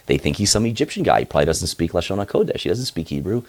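Lively low-voiced rabbi telling a story. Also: male voice, racing. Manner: animated, slangy retelling with acted quotes. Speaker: rabbi and head of school. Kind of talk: casual storytelling lesson.

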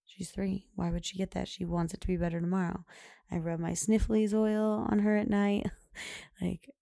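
A woman's voice: mid-range voice, flat delivery, moderate pace, gravelly, mellow. A young woman hosting a podcast, talking in a rambling, chatty way full of "like" and "you know". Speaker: podcast host. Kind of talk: casual chat.

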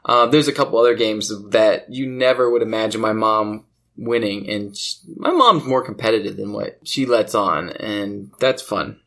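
A man's voice: on the low side, animated, moderate pace, sharp tone. A man hosting a podcast, chatting casually and telling stories with easy laughs. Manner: chatty storytelling, laughs easily. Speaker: podcast host. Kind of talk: casual chat about board games.

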